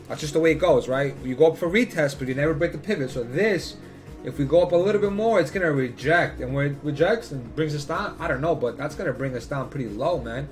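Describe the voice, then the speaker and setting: A man's voice: a little high, a little fast, soft background music. A man giving casual chart commentary as host of his channel, emphatic and repetitive, swearing freely. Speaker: crypto chart analyst hosting his channel.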